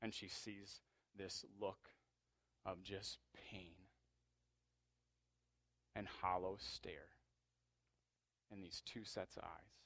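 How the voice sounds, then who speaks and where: A man's voice: low voice, fairly even intonation, very slow, creaky, pauses often, a bit bright, no echo. A man telling a story vividly and acting out the people in it.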